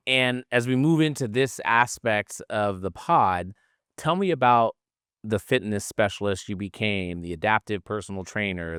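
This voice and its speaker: A man's voice: lowish voice, a bit bright, smooth, dry recording, studio quality. A man hosting a health podcast, asking long, rambling questions in a casual interview. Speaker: podcast host.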